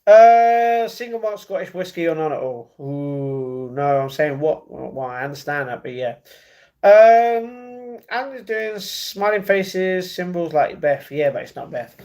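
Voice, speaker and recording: A British man hosts a casual livestream, reading viewer comments aloud and answering them, often apologetically. He speaks through wireless earbud microphones in a high-sitting, expressive voice with a darkish tone and a measured pace.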